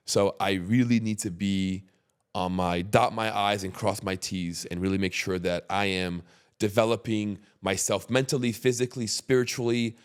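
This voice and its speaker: A man with a somewhat low voice hosts a relaxed podcast chat. He talks emphatically, lifting his energy when he drives a point home, and drops casual swearing along the way. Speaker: podcast host.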